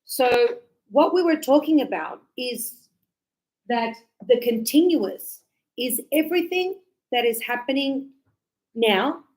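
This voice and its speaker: A woman teaches English to a classroom of students, pausing often to check that everyone follows. Her voice sits a little high and she takes her time, slipping into short acted-out exchanges between teacher and student. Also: poor audio. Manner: lively, acts out student dialogues with quick questions. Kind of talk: classroom lesson.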